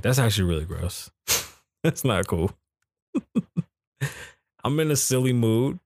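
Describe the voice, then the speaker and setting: A man hosting his own podcast, chatting casually in a loose, joking and profane way, with sudden jumps in pitch. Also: no room sound, studio quality. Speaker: podcast host.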